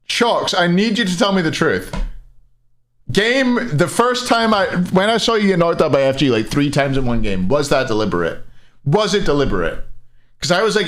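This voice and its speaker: A man's voice: a little high, big pitch swings, normal speed, a bit bright. A young man casting a live esports match, rambling and joking between plays and swearing casually. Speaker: esports caster. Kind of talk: live game commentary with banter. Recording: faint background noise and clicks.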